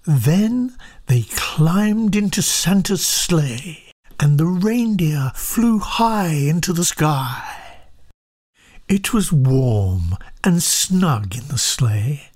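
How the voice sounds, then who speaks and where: A storyteller reading a children's picture book aloud, soft and often half-whispered. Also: mid-range voice, big pitch swings, very slow.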